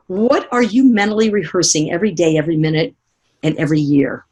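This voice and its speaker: A middle-aged woman speaker giving a motivational seminar talk, telling lively stories and asking the audience direct questions. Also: deep voice, husky. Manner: animated storytelling, acting out remembered voices.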